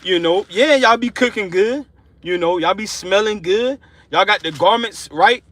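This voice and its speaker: A man preaching an informal sermon, fervent and emotional, repeating himself and slowing down to read scripture aloud. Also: high-pitched, fairly bright tone, no room sound. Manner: emotional, fervent, repetitive, slows down reading scripture. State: excited and sweating.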